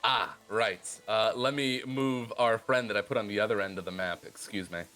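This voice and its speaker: A man narrating as game master of a tabletop game, descriptive and playful, slowing down for dramatic detail. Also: fairly low pitch, sharp tone, faint music behind.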